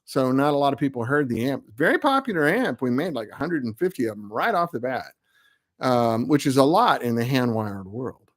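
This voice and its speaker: A middle-aged amp builder hosts his live web show in a casual stream chat, rambling along with self-mocking asides. His voice is medium in pitch, expressive, and brisk.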